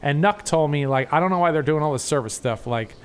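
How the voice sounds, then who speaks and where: A man's voice: a little high, expressive, fast talker, smooth. An American man in casual chat, telling a long, profane, rambling story. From United States.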